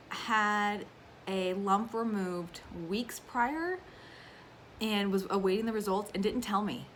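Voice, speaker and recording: A woman's voice: mid-range voice, fairly bright tone, slight background noise. A woman in her thirties chatting casually and emotionally about her crafts to her viewers at home, with lots of fillers. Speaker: cross-stitch vlogger. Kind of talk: casual chat to camera.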